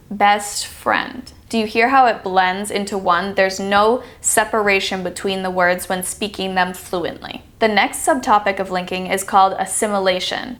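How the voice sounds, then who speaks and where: A woman's voice: fairly high pitch, a bit bright. An American woman teaching an accent class, explaining word linking and carefully repeating example phrases. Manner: slow, careful over-articulation of example words. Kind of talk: scripted instructional explanation.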